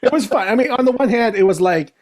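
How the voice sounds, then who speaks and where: A middle-aged man, a comic writer appearing as a podcast guest, telling lively anecdotes and laughing as he acts out what people said. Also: extremely high pitch, fast talker. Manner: animated, laughing storyteller who acts out quotes. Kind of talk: casual anecdotal storytelling.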